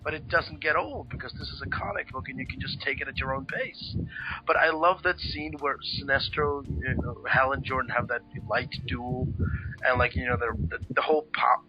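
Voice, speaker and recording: A man in casual chat about a comic book, excitable and swearing freely, tripping over his words. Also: medium pitch, normal speed, lo-fi sound, music in the background. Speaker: co-host reviewing a comic book.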